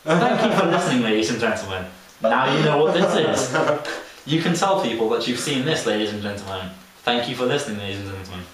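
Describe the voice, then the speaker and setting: A young man mimicking a condescending, slow-talking female museum tour guide who keeps repeating her formal address to the group. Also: mid-range voice, lively intonation, a loud crowd, lightly acted. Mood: pompous. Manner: pompous, drawn-out, repeats "ladies and gentlemen". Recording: echoey room, distant mic, faint hiss.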